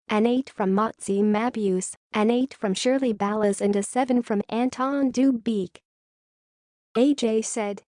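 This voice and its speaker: A woman narrating a scripted entertainment news story in an even read-aloud delivery. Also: fairly high pitch, dry recording, studio quality.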